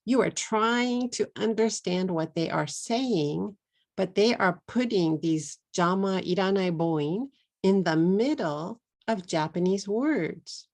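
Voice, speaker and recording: A middle-aged woman from Texas with a Texan accent, teaching an online English lesson in a slow, deliberate way and slipping into Japanese at times. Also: mid-range voice, lively intonation, gravelly, a little mellow. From Texas, USA.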